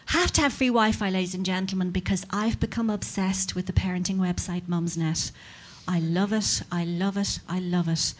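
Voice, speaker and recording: A woman's voice: medium pitch, fairly even intonation, moderate pace, few pauses. A woman performing a stand-up comedy set, sardonic and mock-outraged, building into rants.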